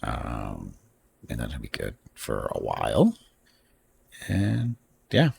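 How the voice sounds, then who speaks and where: Gravelly, very deep-voiced man chatting. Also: wildly swooping pitch, slow, darkish tone, a little hiss or hum. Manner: rambling, chatty, laughs often. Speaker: streamer host. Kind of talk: casual live-stream chat.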